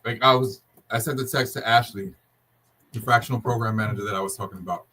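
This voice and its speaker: A man speaking as a podcast guest, calmly explaining business plans in a casual chat. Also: on the low side, fast talker, a little hiss or hum.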